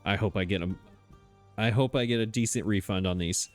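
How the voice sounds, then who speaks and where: Faint music sits behind a lowish-voiced man speaking a little fast as he hosts a let's play. Chatty and puzzled, he thinks out loud and pokes fun at his own mistakes in easygoing gameplay commentary.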